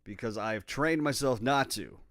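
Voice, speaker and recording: A man's voice: mid-range voice, unhurried, fairly bright tone, no echo, clean studio sound. A man from Minnesota hosting a rambling, profane, self-deprecating solo podcast while playing guitar. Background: his own guitar playing.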